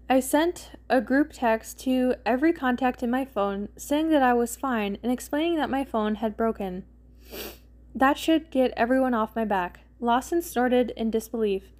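A woman's voice: a little high, moderate pace, a little mellow. A woman podcast host reading fan fiction aloud expressively, acting out the characters' lines.

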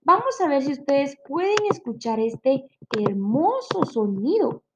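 A woman's voice: high voice, very animated, normal speed. A woman teaching young children a lesson in an exaggerated, sing-song manner, imitating animal sounds. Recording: clear background noise.

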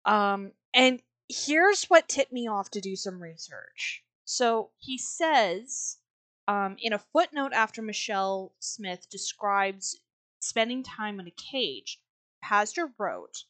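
A woman's voice: medium pitch, animated, slow, a bit bright, no echo. A woman co-hosting a podcast, chatting casually and reading quotes aloud in a blunt, sarcastic way, swearing freely. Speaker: podcast co-host.

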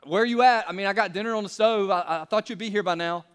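A man voicing his flustered wife calling him home, raising his voice high and pleading. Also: sing-song, fairly quick, bright, forceful tone, full character voice. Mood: annoyed. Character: flustered wife urging her husband home.

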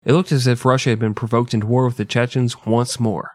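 A male podcast host reads out a history segment in a steady, mid-pitched voice. The recording is dry and close, with no room sound. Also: fast, no room sound. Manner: joking, swears freely. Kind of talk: casual comedic podcast, reading history.

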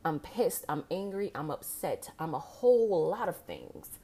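A woman talks straight to her listeners in a loose solo podcast. Her voice sits fairly low for a woman, and her delivery is impassioned and frustrated. She circles back and repeats her points. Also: sing-song, measured pace, dark tone, husky. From New Orleans. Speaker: podcast host. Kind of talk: casual monologue.

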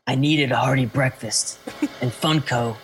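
The Joker with a Southern drawl, as a man puts him on, hawks breakfast cereal like a twisted TV commercial. His voice sits mid-pitch, and his gleeful menace seeps through every line. Faint music plays underneath. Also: fairly even intonation, a little slow, fairly bright tone, close to an everyday voice. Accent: Southern US (put on). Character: cackling Southern-drawling Joker, adult male villain.

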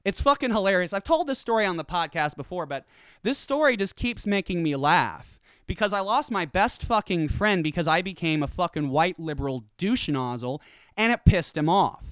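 A man from the American South ranting through a stand-up comedy bit, coarse and foul-mouthed. His pitch leaps around wildly, lifting into loud outbursts and dropping into low asides. The voice is smooth and resonant and sounds close and dry. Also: normal speed, dry recording. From Southern United States. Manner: profane, animated, swinging between loud outbursts and low asides. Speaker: comedian and podcast host.

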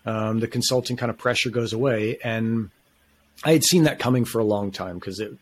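A man's voice: lowish voice, a little fast. A man talking as a podcast guest, telling a long story in a casual, enthusiastic, rambling way with plenty of slang.

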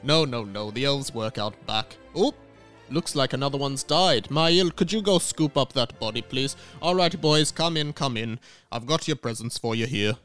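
A man's voice: medium pitch, normal speed, a bit bright, faint music behind, lightly acted. A man voicing a smug, callous old Santa Claus in an improvised comedy sketch. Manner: self-satisfied, dismissive, snaps insults.

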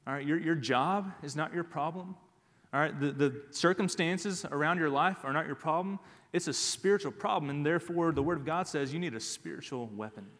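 A man's voice: on the high side, brisk, fairly bright tone, in a large hall. A man preaching a sermon as pastor, emphatic and repeating his key phrases.

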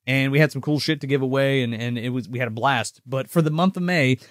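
A man's voice: medium pitch, quick pace, no echo, clean studio sound. A man co-hosting a live-streamed podcast, chatting loosely with lots of swearing and restarts. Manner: loose, profane, rambling with restarts. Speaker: podcast co-host. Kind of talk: casual live-stream chat.

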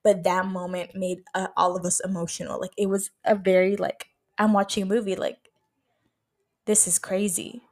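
A woman's voice: mid-range voice, level tone, brisk, hardly any pauses. A woman in her twenties hosting a casual solo podcast, chatting emphatically, swearing freely and filling her talk with "like" and "bro". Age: 20s. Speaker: podcast host.

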